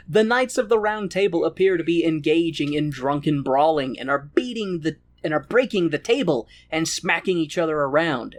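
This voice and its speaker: A podcast co-host recapping a film in a casual, crude and joking way, telling the story animatedly. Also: mid-range voice.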